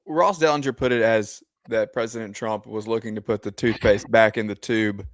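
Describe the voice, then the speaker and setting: Measured man hosting a sports podcast. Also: on the low side, steady tone, no room sound. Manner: measured, steering the discussion. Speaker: podcast host. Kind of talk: casual sports talk.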